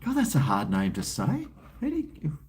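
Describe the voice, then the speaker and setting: A man's voice: lowish voice, huge pitch swings, normal speed. A man with an Australian accent hosting a casual livestream, rambling in a laid-back way, reading out viewer messages, with crude slang and chuckles. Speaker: livestream host. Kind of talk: casual livestream chat while drinking.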